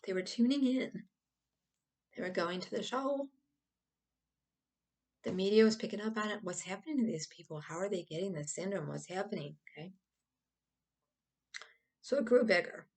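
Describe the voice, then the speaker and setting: Woman host, medium pitch, chatty explainer delivery, animated and digressive. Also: moderate pace, pauses often. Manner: animated, rambling, acts out silly examples. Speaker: video host. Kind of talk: casual explainer monologue.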